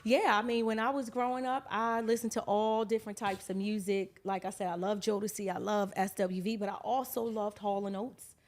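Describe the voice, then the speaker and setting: A woman in her forties from Baltimore, a songwriter talking casually as a podcast guest, affirming and quick to list things. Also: medium pitch, fairly even intonation. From Baltimore, USA. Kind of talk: casual interview chat.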